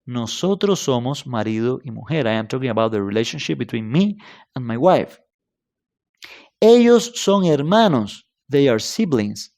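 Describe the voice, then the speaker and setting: Animated man teaching a language lesson. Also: medium pitch. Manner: repeats examples slowly, checks in with "okay?" and "right?". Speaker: Spanish teacher.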